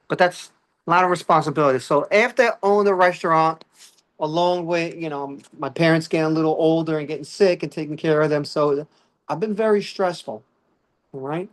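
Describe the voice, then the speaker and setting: Rambling comic. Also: male voice, fairly high pitch, a little fast, a bit bright. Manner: rambling, self-deprecating, with many fillers and "all right?" check-ins. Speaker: stand-up comedian. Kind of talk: stand-up comedy set.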